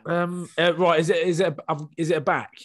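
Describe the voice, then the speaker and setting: A man's voice: a little high, little pitch movement, brisk. A man co-hosting a podcast, joking and teasing in casual banter, with the odd swear word. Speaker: podcast co-host.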